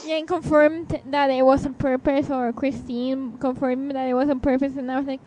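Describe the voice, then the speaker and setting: A woman with a high voice gushes excitedly on a casual fan podcast. Her speech bubbles with enthusiasm over a faint background hiss. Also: moderate pace, low-quality recording. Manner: excitable, gushing. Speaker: podcast co-host.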